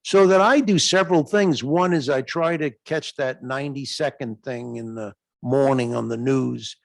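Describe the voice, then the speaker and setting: Gravelly-voiced man lecturing animatedly. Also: moderate pace, no echo. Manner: animated storytelling, acts out dialogue in raised pitch. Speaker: guest lecturer. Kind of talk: lecture Q&A answer. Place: lecture hall.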